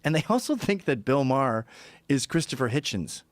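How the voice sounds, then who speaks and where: A man's voice: mid-range voice, very animated, brisk, no echo. A man answering interview questions in a blunt, profane way.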